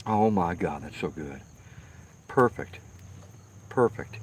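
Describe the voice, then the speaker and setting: A man's voice: low-pitched, animated, slow, a little hiss or hum. Chatty man talking to his viewers. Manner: chatty, emphatic, repeats himself for stress. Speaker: live-stream host reading viewer comments. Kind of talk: casual live-stream chat. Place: outdoors by a firepit.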